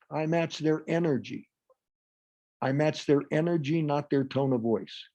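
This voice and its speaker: A man presenting a live workshop in a quick, lively, humorous way. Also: mid-range voice. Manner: fast, lively, humorous delivery; acts out example dialogues with a raised voice.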